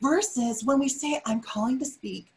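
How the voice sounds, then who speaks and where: A middle-aged woman giving a motivational webinar talk, energetic and emphatic, often repeating her key phrases. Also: fairly high pitch, normal speed, poor audio. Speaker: webinar speaker.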